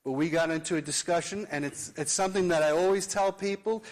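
Middle-aged male pastor, earnest measured sermon delivery, voice a touch high. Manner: earnest, measured preaching with slow emphatic pauses.

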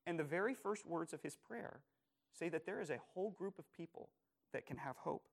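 A male pastor delivering a sermon in a voice pitched a little above the usual. He preaches earnestly, leaning hard on key words, then sinking to hushed phrases. He keeps putting questions straight to his listeners. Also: lively intonation, a little fast, vocal fry. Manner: earnest, emphatic, asks the congregation repeated questions; swings from loud emphasis to soft, quiet phrases.

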